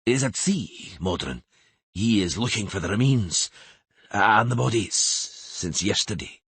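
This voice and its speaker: A man's voice: lowish voice, sing-song, slow pace, slightly rough, no room sound, full character voice. A man voicing a burly island earl in an audiobook, stammering and deferential before his queen.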